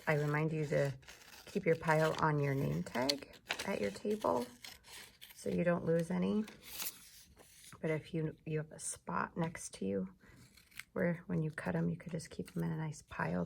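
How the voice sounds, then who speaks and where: A woman teacher giving a recorded lesson to young children, patient and encouraging, repeating each word slowly so they can clap along. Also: on the low side, creaky, slight background noise. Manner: slow, patient, encouraging, repeats words for clapping.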